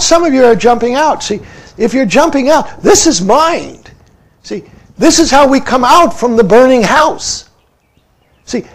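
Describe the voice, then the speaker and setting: A Zen teacher in his seventies speaks slowly in a very high, gravelly voice. His pitch moves a lot as he asks his listeners questions, and he drops "see" into nearly every sentence. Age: 70s. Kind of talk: dharma talk.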